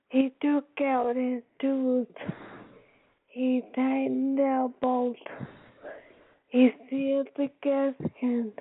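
Female storyteller host, high voice, very slow careful reading, lo-fi phone-like recording with faint hiss. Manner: slow, careful read-aloud delivery. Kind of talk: reading a children's story aloud.

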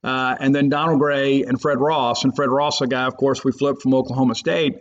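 A man's voice: mid-range voice, flat delivery, brisk. A man hosting a sports podcast, talking in an emphatic, rambling way. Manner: emphatic, rambling, fan loyalist. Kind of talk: opinionated sports talk. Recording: muffled lo-fi podcast audio.

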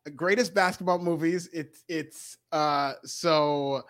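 A man co-hosting a casual podcast, animated, playful and emphatic. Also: a little high, slow. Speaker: podcast co-host.

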